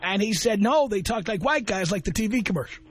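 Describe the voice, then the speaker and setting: A man hosting a call-in radio talk show, arguing points quickly and repeating words to press them. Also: sits high, expressive, slightly rough.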